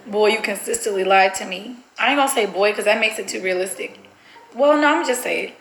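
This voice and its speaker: This young female vlogger chats casually and giggles as she addresses her viewers face to camera. She speaks quickly in a medium-pitched, fairly bright voice, with a little hiss or hum. The room echoes, and faint music is audible.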